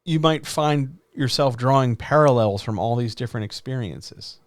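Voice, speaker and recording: A man's voice: medium pitch, normal speed, no room sound. A man in his forties hosting a live stream, chatting in a conversational, self-deprecating way with lots of rhetorical questions. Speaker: streamer host. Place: small home studio. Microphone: studio microphone. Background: background music.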